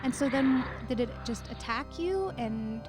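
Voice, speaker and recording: A woman hosting a comedy radio show, asking soft, hesitant questions. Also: high-pitched, animated, unhurried. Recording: music playing behind.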